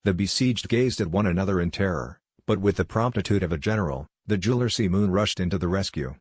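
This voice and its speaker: Male audiobook narrator, steady and measured, low voice, dry close mic. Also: breathy edge, dry recording.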